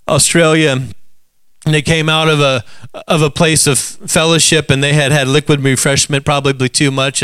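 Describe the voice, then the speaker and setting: A man preaching an Easter sermon, calling out questions to the congregation and rising to shouts. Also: a little high, clean tone, dry recording.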